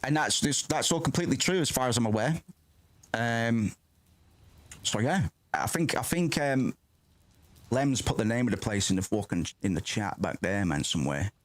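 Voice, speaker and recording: A man's voice: medium pitch, moderate pace, dry recording. A man streaming a film reaction in casual, rambling commentary, swearing freely and breaking off his own sentences. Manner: rambling, excitable, swears often, self-interrupting.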